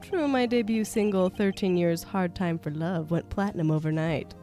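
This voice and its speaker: A woman's voice: fairly low pitch, moderate pace, warm tone, faint music behind, lightly acted. A woman voicing a cocky young male rock-star prosecutor with an affected European accent, smug and showy.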